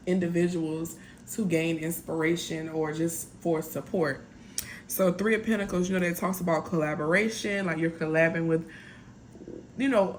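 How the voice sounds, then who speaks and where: A woman's voice: on the low side, slight background noise. A woman doing a casual tarot reading, chatty and blunt, talking straight to her viewers. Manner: chatty, blunt, lots of "y'all" and "like". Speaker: tarot reader.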